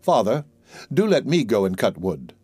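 A man's voice: on the low side, big pitch swings, moderate pace, dark tone, breathy edge, no room sound. A kind simple youngest son, read by a man. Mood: earnest.

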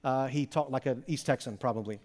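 A man's voice: medium pitch, a little fast, darkish tone. A man, a pastor, preaching a sermon in an earnest, conversational way with small fillers.

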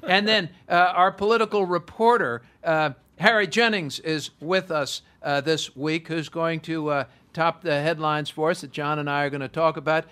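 Chatty male podcast host, higher voice. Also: fairly even intonation, moderate pace, few pauses, sharp tone, clean tone. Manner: chatty, jokey, hesitant fillers. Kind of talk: casual talk show hosting.

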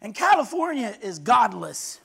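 Guy preaching in church, real high voice, sharp and bright, goes quiet then yells. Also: sing-song, a little slow, vocal fry, breathy edge. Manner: swings from low intense murmur to loud shouting. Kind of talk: fiery sermon.

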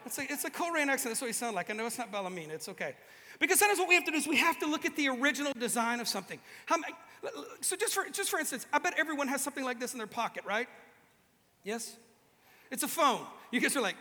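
A man with a very high, bright voice delivers a lively, joking sermon. He acts out little voices as he goes. The sound carries a long hall reverb from a large room. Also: fast. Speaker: preacher. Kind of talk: humorous sermon to a live audience.

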